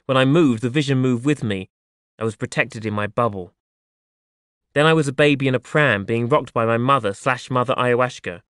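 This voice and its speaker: A man reading his memoir aloud in a soft, wry, reflective way. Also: mid-range voice, dry recording, clean studio sound. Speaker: audiobook narrator.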